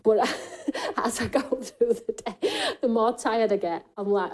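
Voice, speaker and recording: A woman hosts a live craft shopping show, slow in pace with a wildly swooping pitch. She's chatty and jokey as she pitches deals and reads out viewer comments.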